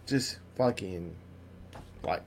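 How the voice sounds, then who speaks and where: A man's voice: sits low, lively intonation, drawn-out words, creaky, slight background noise. A man co-hosting a casual review podcast, laid-back, laughing often and swearing freely. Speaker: podcast co-host.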